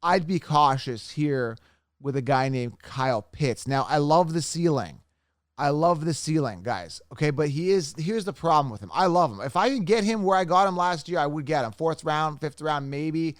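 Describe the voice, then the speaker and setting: A man's voice: a little high, expressive, moderate pace, no echo, studio quality. A man hosting a fantasy football podcast, talking emphatically, repeating his points and mocking imagined critics. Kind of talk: opinionated podcast rant.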